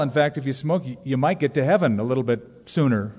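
A man in his forties preaching a sermon to a congregation, joking and animated, leaning hard into emphasis. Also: a little high, fairly quick, slight background noise. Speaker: pastor. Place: large church sanctuary. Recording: long reverb of a large church hall.

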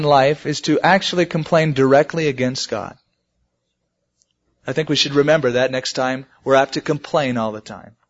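A man's voice: mid-range voice, normal speed. A man preaching a sermon, telling stories and rising emphatically on the key points. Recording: muffled lo-fi sermon recording.

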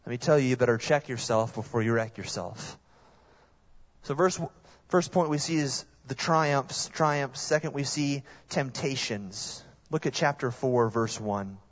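A man preaching a sermon as a guest pastor, animated storytelling that drops suddenly to quiet asides. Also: mid-range voice, measured pace, lo-fi sound.

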